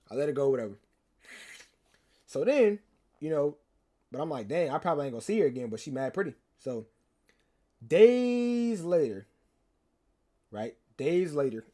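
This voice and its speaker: A young man tells his stream chat a rambling, slangy story, repeating himself and teasing the viewers. His voice is medium-pitched, a little mellow and husky.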